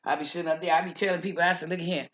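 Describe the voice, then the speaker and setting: A woman's voice: fairly low pitch, fairly even intonation, very fast, a bit bright, close to an everyday voice. A woman voicing a chatty older church lady who rambles, repeats herself and preaches about living right. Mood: folksy preaching. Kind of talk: character monologue.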